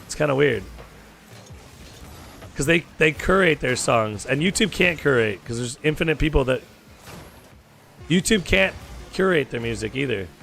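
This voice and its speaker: A young man with a hoarse, sore throat, chatting casually with viewers while streaming a game and swearing freely. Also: on the high side, animated, moderate pace, long pauses, fairly bright tone, soft background music. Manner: chatty, swears freely, calls people dude. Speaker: gaming streamer. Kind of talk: casual gaming chat with viewers. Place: home gaming setup.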